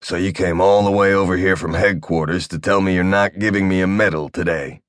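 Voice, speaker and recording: A weary, sardonic officer trades dry, cutting remarks in a low voice, played by a man. The sound is close and dry, as in a studio booth. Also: fairly even intonation, brisk, no room sound, natural voice. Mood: dry, sarcastic. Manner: dry, sarcastic. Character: sardonic, weary male officer under medication.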